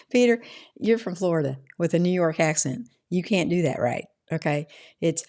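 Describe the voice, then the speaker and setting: A middle-aged woman with a lowish, darkish-toned voice talks at normal speed and with plenty of expression. Hosting an informal livestream from home, she reads the chat and rambles through her answers, often slipping in "right?"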